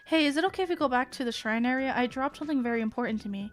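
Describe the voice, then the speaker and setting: A woman's voice: sits high, very fast, natural voice. A woman streamer voicing an earnest, understanding teenage schoolgirl in a direct, pleading way.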